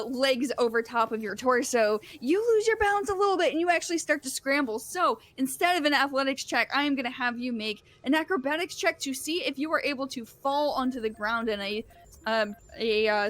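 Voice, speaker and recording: A woman narrating as game master of a tabletop role-playing game, lively and laughing often. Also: high-pitched.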